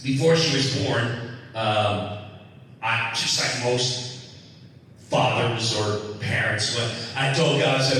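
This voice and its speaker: A middle-aged man from the United States, a comedian hosting his show, telling a rambling, animated, confiding story. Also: slow pace. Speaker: comedian host. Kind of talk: comic storytelling monologue. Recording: echoey hall from far off with low rumble.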